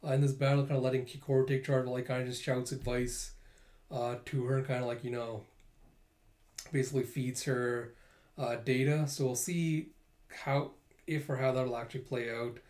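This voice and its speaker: A man giving a casual, hesitant recap of a comic chapter, with many pauses and fillers. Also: mid-range voice, level tone, darkish tone. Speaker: host.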